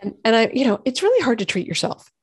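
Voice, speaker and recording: A woman's voice: fairly high pitch, quick pace, slightly rough, dry recording. Woman telling her story, dry sound. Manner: animated storytelling, acts out quoted voices. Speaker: functional medicine gynecologist and podcast host. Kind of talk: personal health story in casual conversation.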